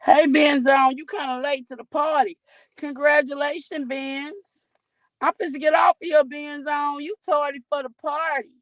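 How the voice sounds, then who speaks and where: A woman's voice: sits high, fairly even intonation, moderate pace, no echo, rough recording. A woman hosting a casual livestream, talking candidly and chatting straight to her viewers. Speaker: livestream host.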